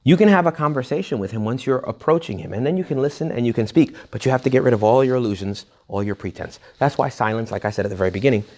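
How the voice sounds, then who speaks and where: A man, a Catholic priest, giving a retreat talk to young adults in a blunt, jokey, animated way. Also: mid-range voice, fast talker, few pauses. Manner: animated, jokey, acts out quoted voices; blunt and emphatic.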